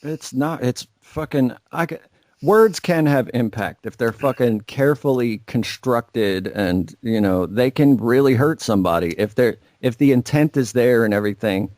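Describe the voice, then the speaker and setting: A man's voice: medium pitch, normal speed, darkish tone, no echo. A young man co-hosting a podcast, ranting and swearing constantly in a sarcastic, casual chat. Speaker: podcast co-host.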